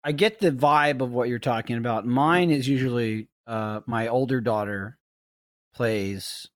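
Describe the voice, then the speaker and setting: A man in his thirties chatting casually on a podcast, telling lively stories, swearing freely and mimicking his kid. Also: medium pitch, a little slow, no echo, studio quality. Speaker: podcast host. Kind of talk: casual chat.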